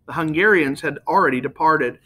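A man reads a novel aloud in a home-made audiobook style, now and then tripping over a word and correcting himself. His voice is bright and sits a little high. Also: a little fast. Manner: reads with small slips and self-corrections. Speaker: audiobook reader.

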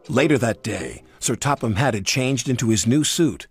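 A man narrating a children's story with a lively, expressive reading. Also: medium pitch, moderate pace, few pauses, slightly rough, soft background music.

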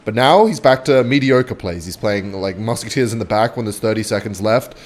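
A man giving joking, excitable play-by-play commentary on his own game, like a mock sportscaster teasing his opponent. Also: fairly low pitch, moderate pace. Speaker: gaming video creator.

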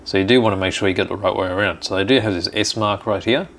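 A man hosting a workshop video, calmly explaining each step of a kit build in casual chat. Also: lowish voice, fast talker, slight background noise. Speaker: hobby shop host building a kit.

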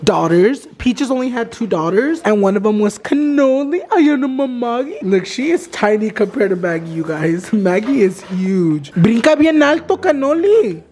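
A man vlogging in a casual, expressive way, swearing freely and mixing Spanish words into his English. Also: sits high, moderate pace, few pauses. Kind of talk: casual vlog chat.

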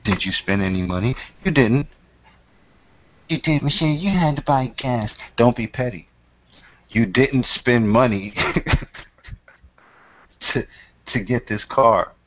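A man talks straight to his audience in a slangy, emphatic street style, repeating his points and swearing freely. His voice sits in an ordinary middle pitch. The sound is close and dry, with no room around it. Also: expressive, measured pace, long pauses, no room sound, low-quality recording. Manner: slangy, emphatic street talk that calls the listener "son"; profane, repetitive and preachy. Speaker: host. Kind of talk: casual advice monologue.

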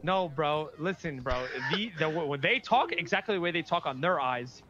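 A man's voice: fairly high pitch, lively intonation, normal speed, a crowd in the background. A man on a voice call, defensive and rambling, swearing a lot. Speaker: caller on a voice call. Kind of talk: casual chat. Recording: lo-fi voice call with noise.

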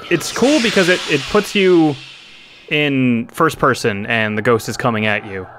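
A man's voice: medium pitch, measured pace, background noise. A man streaming a game, chatting casually, laughing often and reading on-screen text aloud. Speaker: let's play streamer. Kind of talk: casual gameplay commentary.

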